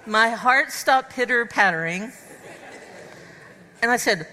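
A woman speaker telling a funny personal story to an audience of women, animated and acting out the dialogue. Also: fairly high pitch, moderate pace. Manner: animated, acts out dialogue and sound effects. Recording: long hall reverb.

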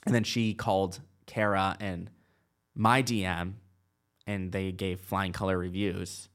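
A man's voice: deep voice, level tone, measured pace, a bit bright. A man in his twenties telling a long personal story in casual chat, full of "like" and quoted dialogue. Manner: chatty, lots of "like" and quoted dialogue. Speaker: guest.

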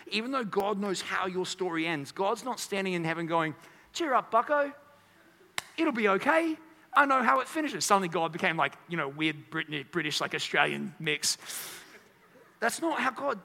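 High, bright-voiced preacher in a reverberant hall. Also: male voice. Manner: earnest, builds to emphatic peaks, stammers restarts. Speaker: pastor. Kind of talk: sermon. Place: church hall. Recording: long church hall reverb.

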